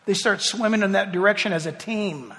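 A man preaching a sermon with animated delivery, swinging from hushed asides to loud exclamations. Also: sits high, brisk. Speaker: pastor. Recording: reverberant hall.

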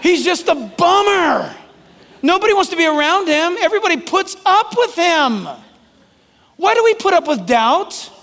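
Pastor guy preaching, very high voice, calls out people by name, echoey church. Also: animated, normal speed, fairly bright tone. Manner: emphatic, calls on listeners by name, joking. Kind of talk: sermon.

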